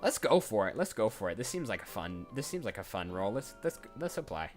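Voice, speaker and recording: Brief: casual streamer voice actor, lively rambling chat, quiet music underneath. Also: medium pitch, brisk. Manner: chatty, rambling, self-interrupting. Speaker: voice actor streaming job applications.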